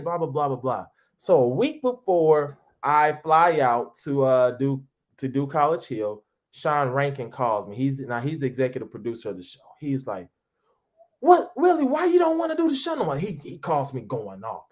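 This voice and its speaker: Goofy, animated storyteller man from St. Louis. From St. Louis, USA. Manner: lively, goofy, acts out quoted voices with big pitch jumps. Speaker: comedian and TV editor telling his story.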